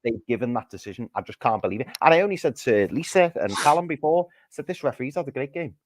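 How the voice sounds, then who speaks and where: A man's voice: mid-range voice, expressive, fast, slight background noise. A man ranting furiously after a football match on a livestream from his living room, swearing and repeating himself for emphasis. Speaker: football podcast co-host. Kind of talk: heated post-match fan chat on a livestream.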